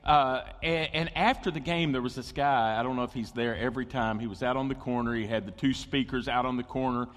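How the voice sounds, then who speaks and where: A man's voice: mid-range voice, brisk, hardly any pauses. Male pastor, conversational sermon, long hall reverb. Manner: animated, conversational, with asides and jokes to the congregation.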